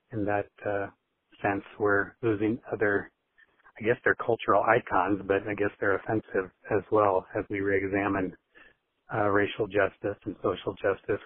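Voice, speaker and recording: A man's voice: fairly low pitch, dry recording. A man leaving a chatty, meandering voicemail for a show, chuckling now and then. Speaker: caller. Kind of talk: voicemail call-in. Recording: dry tinny phone line.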